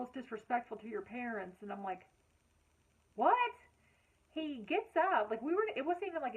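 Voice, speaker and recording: A woman vlogger tells a personal story in a casual, chatty way, acting out both sides of the conversations. Her voice is a little husky and sits in a middle range. The sound is thin and tinny, as if it were heard over a phone. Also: mid-range voice. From Lexington, Kentucky. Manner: chatty, animated retelling with frequent fillers.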